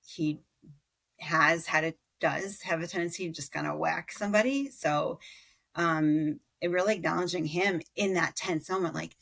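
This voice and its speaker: A woman in her thirties, a podcast guest, has a low, gravelly voice with vocal fry, yet a fairly bright tone. In a conversational interview she speaks candidly and reflectively about her own parenting, often using fillers and restarting sentences.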